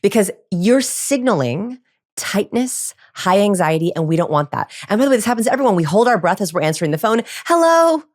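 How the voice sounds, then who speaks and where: A woman behavioral researcher chatting as a podcast guest, animated and demonstrating vocal tones. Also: quick pace. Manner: animated, demonstrates voices in high and low pitch. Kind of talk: casual chat with vocal demonstrations.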